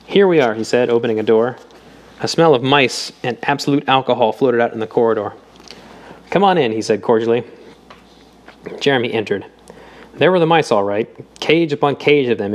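A man narrating an audiobook with a measured, even reading. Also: medium pitch.

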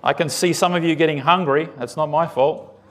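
A man's voice: fairly high pitch, a little fast. A man preaching a sermon, reading scripture and asking his congregation questions as he goes. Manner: animated, asks the congregation questions. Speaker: pastor.

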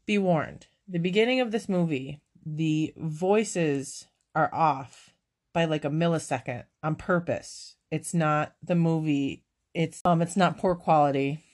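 A woman's voice: sits low, unhurried. A woman co-hosting a casual movie chat, swearing freely and laughing often as she recounts favorite scenes. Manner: profane, animated, laughs often.

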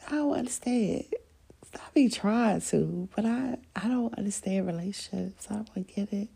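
Candid, profane woman with a gravelly voice. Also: medium pitch, normal speed, warm tone. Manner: candid, profane, laughs often; rambling storytelling. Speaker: podcast host. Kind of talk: casual monologue.

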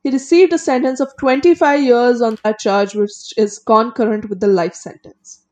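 A woman's voice: fairly high pitch, steady tone, normal speed, a little mellow. Woman, casual podcast chat, reads case details, blunt opinions, small stumbles. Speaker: co-host.

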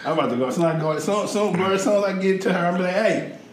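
Man, podcast co-host, animated profane joking, higher voice, echoey room, faint noise. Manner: animated, profane, joking, talks fast in bursts. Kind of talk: casual chat.

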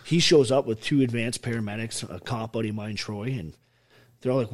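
A man's voice: fairly low pitch, brisk. An army veteran telling his story as an interview guest, blunt and full of swearing. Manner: blunt, heavily profane, emphatic.

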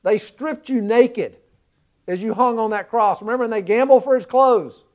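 A high-voiced preacher from the American South delivers a sermon at normal speed, retelling the story earnestly. He leans in and builds to loud emphasis on the key lines.

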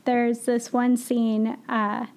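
A woman's voice: on the high side, flat delivery, slow, vocal fry, a little mellow. A woman co-hosting a casual podcast, talking about a film in an enthusiastic, chatty way. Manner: enthusiastic, chatty, laughs often. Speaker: podcast co-host.

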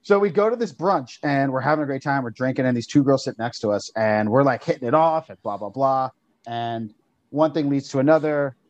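A man's voice: medium pitch, brisk, dry recording, muffled recording. A man who is a guest on a podcast, telling a story in a rambling, casual way with lots of fillers. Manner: rambling, heavy use of "like". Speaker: podcast guest, old roommate.

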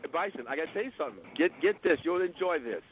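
A man's voice: a little high, very animated, very fast, a little hiss or hum. A man hosting a call-in radio talk show, insistent and holding the floor through interruptions. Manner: insistent, talks over interruptions. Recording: phone-like lo-fi line.

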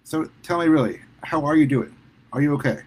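A man voicing a warm, fretful middle-aged mother, affectionate and teary. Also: on the high side, brisk, slightly rough, voice pushed up, low-quality recording. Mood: fussing warmly.

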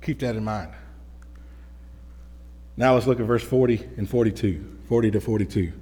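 A pastor preaches a sermon to his congregation in a fairly low voice at normal speed, energetic and conversational, often restarting his sentences. Hall reverb colors the recording.

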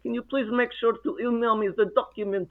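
A man's voice: very high voice, little pitch movement, fast, voice pushed up. A man putting on an exaggerated generic Indian accent as a fussy, polite office worker. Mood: mock polite. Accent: put-on generic Indian. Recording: narrow phone-like sound.

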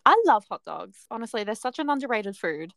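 A woman's voice: a little high, sing-song, brisk, creaky, a bit bright, no room sound. A young Australian woman guesting on a podcast, chatting casually with teasing, dry humor and frequent laughs. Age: young adult. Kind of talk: casual chat.

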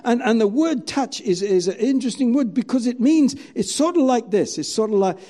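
A man's voice: very high-pitched, expressive, a little fast, mellow. A man preaching a sermon, telling a story and acting out its scenes dramatically.

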